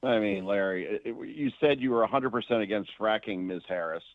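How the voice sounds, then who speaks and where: A man's voice: lowish voice, no room sound. A man calling in as a media critic on a radio show, exasperated and firing off rhetorical questions. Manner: animated, exasperated, rapid-fire rhetorical questions. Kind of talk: phone-in radio interview. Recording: tinny phone line.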